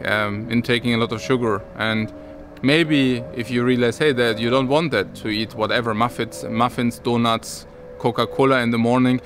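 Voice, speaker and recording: A man's voice: medium pitch, fairly bright tone. A man talking casually to his viewers as a vlogger, rambling and restarting his sentences, with occasional chuckles. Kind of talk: casual talk to camera.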